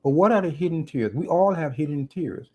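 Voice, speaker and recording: A man's voice: fairly high pitch, lively intonation, brisk, a little mellow. A middle-aged man, a former police officer, talking earnestly in a reflective monologue and repeating phrases for emphasis. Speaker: YouTube commentator. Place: parked car.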